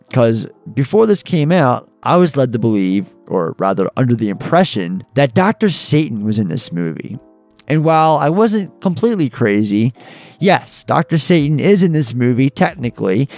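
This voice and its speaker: A man's voice: mid-range voice, a little mellow. A man hosting a film podcast, chatty and rambling with many fillers. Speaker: podcast host. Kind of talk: casual film podcast talk.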